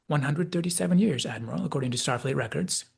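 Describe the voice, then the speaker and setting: A man's voice: a little high, fast, creaky, breathy edge, exaggerated voice. Prim, exact male android, as a man voices him, courteous and formal. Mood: polite. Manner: formal and precise. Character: polite, literal-minded male android officer.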